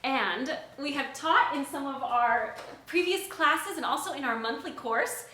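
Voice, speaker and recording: A woman's voice: sits high, unhurried, pushed and bright, slight background noise. A woman teaching a children's music class, singing nursery songs and cheerfully coaxing the kids to join in. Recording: echoey room.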